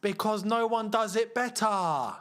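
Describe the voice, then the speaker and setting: A man's voice: sits high, measured pace, a bit bright, clean tone. A man hosting a live football watchalong, chatting casually and joking with frequent laughter. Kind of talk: casual live match commentary.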